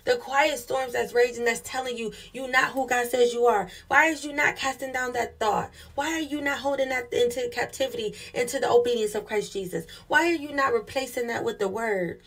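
Female preacher, husky tone, fervent sermon delivery with call-outs to the congregation. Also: a little high, moderate pace, a bit bright.

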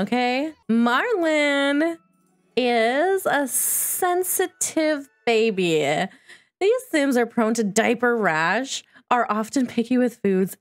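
A woman giving casual let's-play commentary, chatty and cooing at the characters in her game. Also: a little high. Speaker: gaming video creator.

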